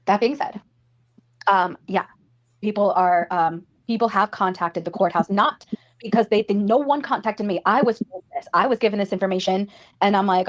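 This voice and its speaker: A woman's voice: mid-range voice, moderate pace. A woman ranting defensively on a livestream, rambling and swearing heavily. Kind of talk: livestream rant.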